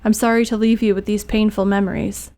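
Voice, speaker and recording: A woman reading game dialogue as a gentle, apologetic spirit of a young man, speaking soft and solemn. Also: medium pitch, flat delivery, a little fast, natural voice.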